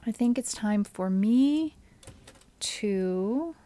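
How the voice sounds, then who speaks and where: Woman streamer, unhurried game commentary, mutters under her breath between remarks. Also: mid-range voice, expressive. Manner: thinks aloud, often drops to a soft mutter. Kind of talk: casual gameplay commentary.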